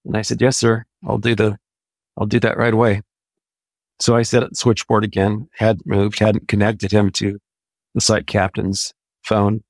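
An American man in his sixties, an Army veteran, telling stories from his service in a measured, anecdotal way. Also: on the low side, level tone, dry recording. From United States. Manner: measured, anecdotal, with occasional restarts. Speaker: interview guest, Army veteran. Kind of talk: conversational storytelling.

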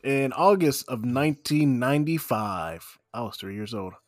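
A man's voice: mid-range voice, animated, moderate pace, no room sound, studio quality. A man in his thirties co-hosting a comedy podcast, reading out a list and riffing on it with jokes. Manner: joking, reads blurbs then riffs. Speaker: podcast co-host.

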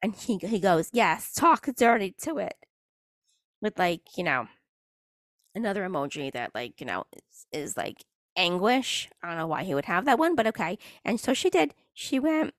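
Chatty woman podcaster, lively pitch. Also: normal speed, dry recording, clean studio sound. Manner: chatty, rambling, self-interrupting. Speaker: podcast host. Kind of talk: casual solo podcast monologue.

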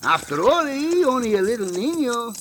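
A jolly sidekick in an old radio play, high bright voice that leaps all over, thick put-on Mexican accent, broken English, faint hiss under it all. he gets excited and giggly at everything. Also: normal speed, heavily acted. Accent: put-on Mexican Spanish accent. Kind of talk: 1950s radio drama acting.

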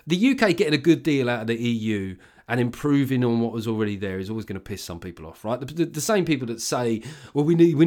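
A man hosting a podcast in loose, casual political chat, swearing freely and laughing often. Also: mid-range voice. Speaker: podcast host.

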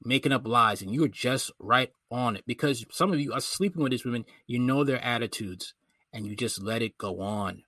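A man's voice: mid-range voice, normal speed, pushed and bright, no room sound, studio quality. A man in a blunt, scornful commentary rant.

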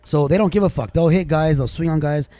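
A man's voice: fairly high pitch, fast talker, warm tone, no echo. A man co-hosting a podcast, telling stories bluntly and emphatically, swearing constantly in casual banter. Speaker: podcast co-host.

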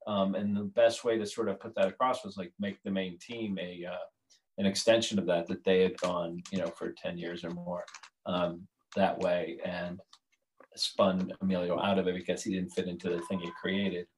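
A man's voice: low voice, flat delivery, moderate pace, slight background noise, low-quality recording. A man who is a writer and creator, talking as a podcast guest in a casual, rambling way with many restarts. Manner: rambling, restarts, laughs at his own jokes.

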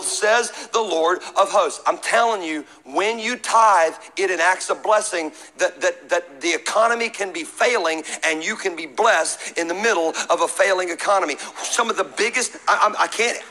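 A middle-aged man preaching a sermon in a high, bright voice. He mixes scripture reading with jokes and calls for the congregation to answer back. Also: rough recording. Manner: preaching with humor and call-and-response. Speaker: pastor.

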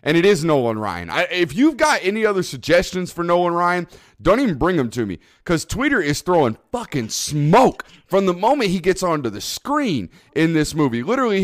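A man hosting a podcast in casual chat, animated and profane with lots of hype. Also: fairly high pitch, dry recording, studio quality. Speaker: podcast host.

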